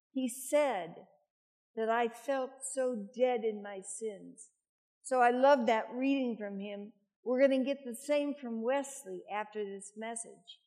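A woman's voice: on the high side, dark tone. An older woman preaching a sermon, chatty, with self-deprecating asides.

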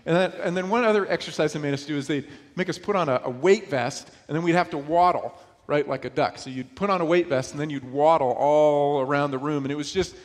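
A man's voice: a little high, fast talker, hardly any pauses, big-room sound. A man from New York preaching a sermon in a conversational way, often asking his listeners rhetorical questions. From New York, USA. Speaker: pastor.

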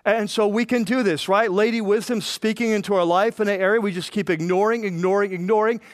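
A man preaching a sermon, reading scripture and acting out the voices in it with lively emphasis. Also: sits high, fairly quick, no echo, studio quality. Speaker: pastor.

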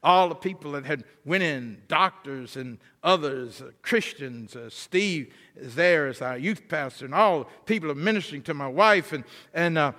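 A man giving a sermon as a guest preacher, emphatic and building toward near-shouts, often repeating words as he goes. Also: fairly high pitch, lively intonation, moderate pace, hardly any pauses. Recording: long hall reverb.

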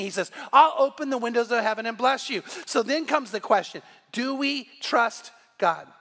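A man's voice: extremely high pitch, normal speed, hardly any pauses, long reverb tail. A middle-aged male pastor preaching a sermon, telling stories with animation and acting out the voices of God and biblical figures. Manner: animated storytelling, voicing God and Bible figures. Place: church sanctuary.

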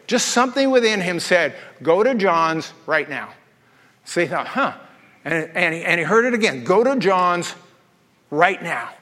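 A man preaching a sermon as pastor, telling stories with lively asides and humor. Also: high-pitched, long reverb tail. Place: church.

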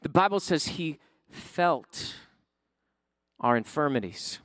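A male pastor delivers a sermon in a relaxed, conversational manner, often pausing to ask "right?" of his listeners. His voice sits a little high for a man. The recording is dry and close, with no room echo. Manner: conversational preaching with frequent "right?" asides.

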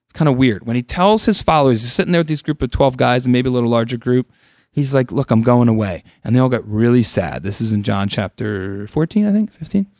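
A man's voice: medium pitch, animated, fast talker, darkish tone, no room sound, studio quality. A man leading a Bible study in a casual teaching style, conversational, with joking asides and questions to the group.

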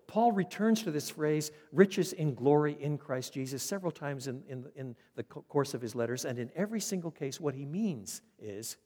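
Animated preacher in an echoey hall. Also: male voice, a little high, husky. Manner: animated, repeats words when emphatic. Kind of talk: expository sermon.

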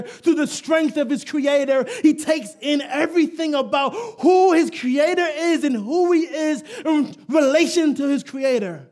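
A man preaching a live sermon, emphatic and rising to shouts, leading call and response and joking with the congregation. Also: very high-pitched.

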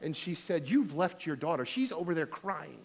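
A man's voice: on the high side, sing-song, moderate pace, vocal fry. A middle-aged man preaching a sermon as pastor, telling a funny family story and then urging giving with emphatic exhortation.

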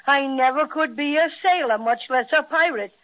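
Genteel toy teddy bear voiced by a woman, polite and fussy, highish voice, dull radio sound. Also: moderate pace, natural voice. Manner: prim and polite. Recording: dull old radio recording.

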